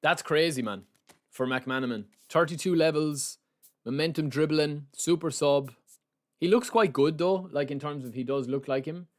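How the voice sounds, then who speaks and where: A young Irish man streaming a game, chatty and excitable, talking to his chat as "lads" and saying he is sleep-deprived. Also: fairly high pitch, moderate pace. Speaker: gaming streamer. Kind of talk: live stream chat while opening game packs.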